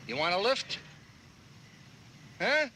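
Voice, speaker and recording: A creepy stranger coaxes a kid in a high, sing-song voice that rises and falls. The film clip was recorded outdoors, with loud ambient noise around him. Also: male voice, big pitch swings, slow, heavily acted. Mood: coaxing. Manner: coaxing, wheedling. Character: creepy man offering a kid a ride. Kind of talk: film dialogue.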